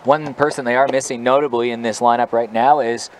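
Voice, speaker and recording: A man calls live softball play-by-play in a chatty, upbeat way, trading jokes with his co-hosts. His voice sits at an ordinary mid pitch. Faint outdoor ambience hums behind him. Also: fairly even intonation, fairly quick, slight background noise. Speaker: play-by-play commentator. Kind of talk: live sports commentary.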